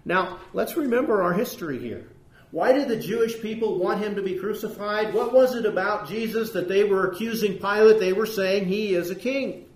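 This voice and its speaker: Male preacher, emphatic sermon delivery, a touch high, echoey space. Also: moderate pace. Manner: earnest, emphatic, rising on key points. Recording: roomy echo.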